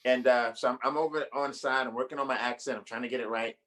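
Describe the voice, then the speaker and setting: A male comedian chatting casually on a video call, telling animated stories and laughing often. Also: medium pitch, quick pace. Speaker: guest comedian.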